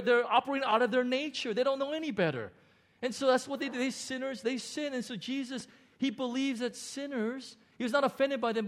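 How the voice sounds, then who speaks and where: Animated stammering male pastor preaching. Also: sits high. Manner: animated, stammering restarts, rising excited emphasis. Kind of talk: sermon. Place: church in Hong Kong.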